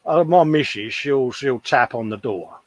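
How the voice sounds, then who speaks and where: A man's voice: medium pitch, animated, measured pace, no room sound. An older man chatting casually at his workbench, laughing often and reading out viewer comments. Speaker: co-host. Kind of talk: casual livestream chat. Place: home workshop.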